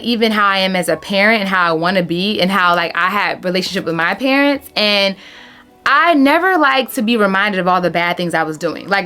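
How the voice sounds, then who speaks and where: In a voice on the high side, a woman in her thirties offers relationship tips to camera. She's casual yet animated and emphatic, and she calls her audience honey.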